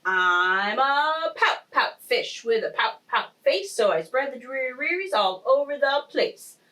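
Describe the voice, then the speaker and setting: A mopey male fish from a storybook, droning through his slow, drawn-out chant, as a woman reads him aloud. His voice rises and sinks across each line. It sounds a little distant from the mic. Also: medium pitch, sing-song. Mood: glum chant. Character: glum, gloomy male pout pout fish.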